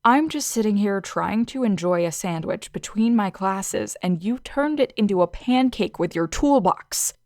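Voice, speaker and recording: Dry-voiced woman narrating with gravelly edges. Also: mid-range voice, animated, measured pace, few pauses, darkish tone, dry recording. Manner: dry, sarcastic. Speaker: audiobook narrator. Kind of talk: first-person story narration.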